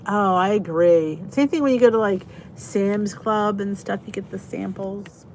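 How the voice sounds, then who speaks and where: A woman hosting a casual live stream, chatting in a rambling, easygoing way and breaking off to greet her viewers. Her voice sits at an ordinary middle pitch. A faint hum of noise is heard behind her. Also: unhurried, a little mellow. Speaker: host of a live stream chat.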